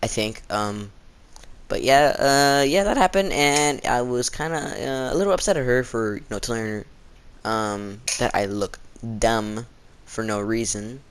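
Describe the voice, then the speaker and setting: A man's voice: medium pitch, measured pace, slight background noise. A teenage boy telling a school story in a casual, rambling way, full of fillers and restarts. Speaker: storytime vlogger.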